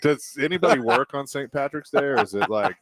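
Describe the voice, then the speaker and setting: A man co-hosting a sports radio show, telling stories in a halting, drawn-out way. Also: mid-range voice, a bit bright. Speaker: radio co-host. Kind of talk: casual sports radio talk.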